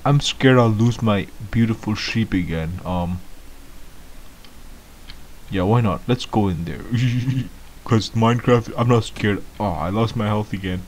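A man's voice: fairly low pitch, a little slow, a little mellow, slight background noise. A man giving comedic gameplay commentary as a clueless beginner, whiny, easily startled and rambling with lots of ums. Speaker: gamer playing a clueless beginner.

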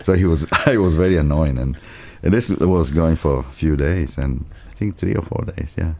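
An Italian-accented man with an extremely low, deep voice, telling a long story as a podcast guest. He is a lively raconteur who acts out the dialogue and often breaks into laughter. His English carries the rhythm of a native Italian speaker. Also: moderate pace, creaky, slight background noise. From Italy. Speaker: martial arts teacher, podcast guest. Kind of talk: casual storytelling interview.

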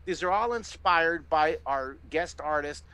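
A middle-aged man hosting a live online drawing lesson, giving excited, encouraging step-by-step instructions as he sketches. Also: fairly high pitch, unhurried, smooth. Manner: enthusiastic, encouraging, exclamatory. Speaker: drawing teacher and host.

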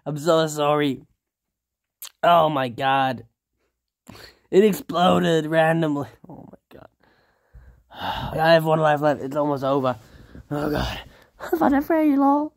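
A woman's voice: low voice, lively intonation, takes it slowly, long pauses, no echo, studio quality. A woman hosting a reaction video, exclaiming in surprise at each clip and often breaking into gasps and laughter. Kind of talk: casual reaction commentary. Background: meme video audio and music playing.

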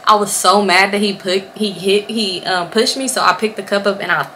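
A young woman telling a casual storytime vlog, animated and profane, laughing often. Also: medium pitch, brisk, slight background noise. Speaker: vlogger.

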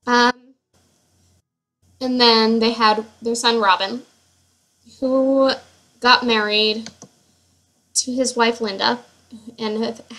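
A woman's voice: on the high side, pushed and bright, poor audio. A young woman giving casual, rambling commentary on her Sims family, full of fillers and self-corrections. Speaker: Sims player.

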